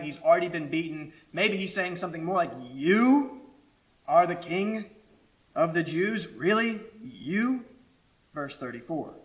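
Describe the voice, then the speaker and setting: A man preaching a sermon as pastor, emphatic, with dramatic pauses and quiet asides. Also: high voice, rough recording.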